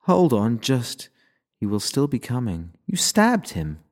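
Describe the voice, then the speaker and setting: A man voicing an impulsive, stubborn teenage schoolgirl who talks in high, breathless exclamations. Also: big pitch swings, unhurried, a little mellow. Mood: exasperated.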